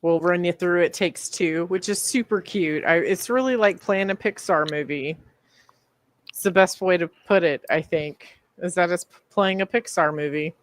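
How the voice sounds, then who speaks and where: Woman podcast co-host, casual chat, teasing, lowish voice, dry close sound. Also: normal speed, dry recording. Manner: chatty and teasing, laughs easily.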